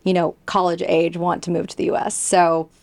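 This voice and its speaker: A woman's voice: lowish voice, little pitch movement, normal speed, a little mellow, dry recording. A woman from England, a guest in casual chat, talking in an upbeat way.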